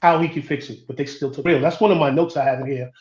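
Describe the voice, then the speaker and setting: A man, a podcast co-host, tells a personal story in a group discussion, halting and repeating words as he goes. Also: a little high, steady tone, roomy sound, dull audio, over music.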